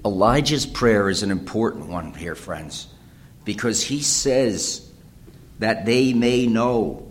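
Preaching a sermon in a fairly low voice, a man reads scripture aloud and explains it, climbing to loud, dramatic cries and often repeating phrases.

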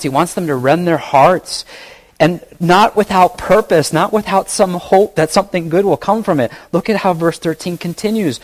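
Male preacher, slightly high voice, earnest and deliberate sermon delivery with quiet chuckling asides. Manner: earnest, slow emphatic reading of scripture with soft asides and chuckles.

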